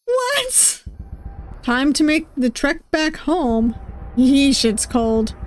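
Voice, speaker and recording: A woman's voice: high-pitched, takes it slowly. A woman streaming a visual novel playthrough, reading its text aloud with playful voices and laughter.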